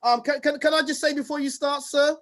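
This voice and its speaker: High-pitched man, energetic host, playful shout-outs, video call. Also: brisk. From United Kingdom. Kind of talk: lively online event hosting.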